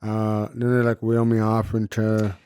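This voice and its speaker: A man's voice: lowish voice, a little slow, clear, resonant tone, dry recording. Casual young man telling stories, dry sound. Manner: animated storytelling, swears freely. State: recovering from jaw surgery. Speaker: podcast co-host. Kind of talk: casual chat.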